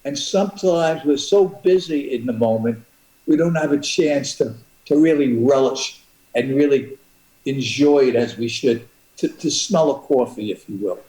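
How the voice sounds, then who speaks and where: An older man speaking as a guest on a broadcast interview, earnest and halting, with many restarts. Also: mid-range voice, mellow. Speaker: guest, boxing manager. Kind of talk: reflective interview talk. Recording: roomy echo.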